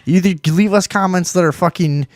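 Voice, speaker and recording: A man's voice: high voice, brisk, darkish tone, dry recording, studio quality. A man hosting a casual live talk show, swearing often and ranting. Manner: profane, ranting. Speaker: podcast host.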